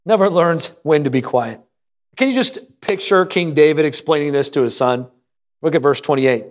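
A man preaches to his congregation with a voice a little higher than most. He reads scripture aloud and pauses to draw spoken responses from the room. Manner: reads scripture aloud and acts out an anxious prayer. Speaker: pastor. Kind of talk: sermon.

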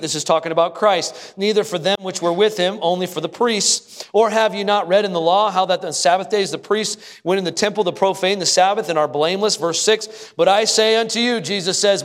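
A man's voice: high-pitched, big-room sound. A man preaching a sermon as pastor, building repeated refrains and calling out to the congregation. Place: church sanctuary.

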